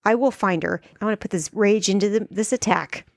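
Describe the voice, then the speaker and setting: A woman's voice: mid-range voice, a little fast, creaky, dry recording. A woman co-hosting a comedy podcast, chatting in a profane, sarcastic, joking way. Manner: profane, sarcastic, playful, deadpan jokes. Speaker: podcast co-host. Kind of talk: casual comedic chat.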